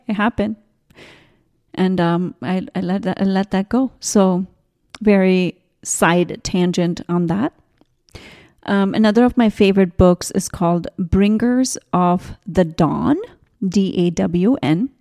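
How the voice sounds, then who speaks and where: Mellow-voiced woman hosting a spiritual podcast. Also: medium pitch, a little slow. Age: 40s. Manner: gentle, rambling, with side tangents and restarts. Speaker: podcast host. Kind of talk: casual spiritual podcast talk.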